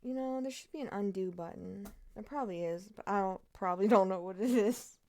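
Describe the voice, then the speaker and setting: A woman's voice: medium pitch, fairly quick, darkish tone. A young woman streamer chatting casually and cooing in baby talk at her cat.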